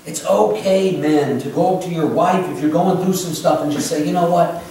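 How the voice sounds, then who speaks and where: A man preaching an emotional sermon, swinging between loud pleas and hushed confessions, in a church sanctuary. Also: on the high side, moderate pace, a little hiss or hum. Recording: echoey church from a distant mic.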